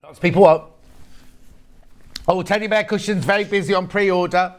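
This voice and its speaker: A man hosting a live shopping channel, chatty and jokey and quick to laugh. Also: high-pitched, steady tone.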